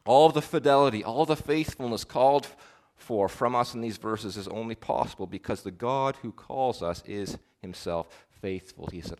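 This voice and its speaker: A man preaching a sermon, earnest, rising to emphatic swells and dropping to soft, quiet endings. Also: medium pitch, normal speed, hardly any pauses.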